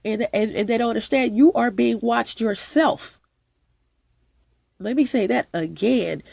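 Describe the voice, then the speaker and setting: Woman vlogger, stuffy nose, gravelly rambling monologue, dry close sound, emphatic and repetitive. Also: on the high side, unhurried, darkish tone, no room sound. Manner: repetitive, emphatic, with frequent restarts. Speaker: channel host.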